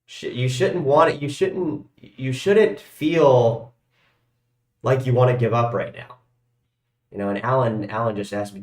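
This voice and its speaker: A man hosting a live stream, rambling and swearing, his loudness swinging from shouts to mumbles. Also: mid-range voice, unhurried. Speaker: crypto livestream host. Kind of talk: casual livestream rant. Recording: echoey room.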